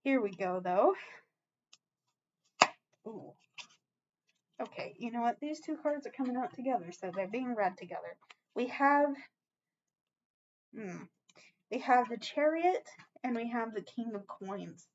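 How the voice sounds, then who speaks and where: A woman giving a casual tarot reading to her viewers, chatty and reassuring, often checking in with a quick "okay?". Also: fairly high pitch, lively intonation, lo-fi sound, slight background noise. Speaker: tarot reader.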